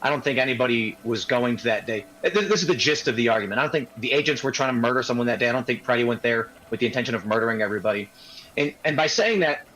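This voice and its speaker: A man calmly explaining his position as a guest, with some hesitations. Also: medium pitch, rapid-fire, low-quality recording. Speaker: guest on a debate show. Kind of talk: explaining his view on a show.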